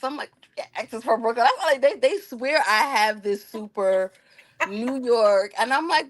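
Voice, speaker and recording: A woman's voice: a little high, animated, moderate pace, dry recording. A woman from New Jersey with a North Jersey accent, an audiobook narrator chatting casually on a podcast and often restarting her sentences.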